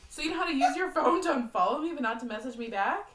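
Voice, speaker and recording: A woman's voice: sits high, expressive, fast talker, crowd noise. A young woman co-hosting a podcast, blunt, profane and joking in casual chat. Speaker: podcast co-host. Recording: roomy echo.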